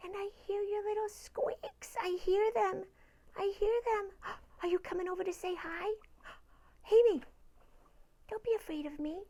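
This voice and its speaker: A woman voicing a cheerful puppet cheerleader in a children's puppet show, doting and sing-song, cooing softly to a pet guinea pig. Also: very high voice, exaggerated voice. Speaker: teacher reading-promotion puppeteer.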